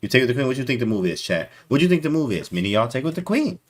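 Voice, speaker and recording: A man commentating chess live to his stream chat, excitable and disbelieving, talking in casual slang. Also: mid-range voice, racing.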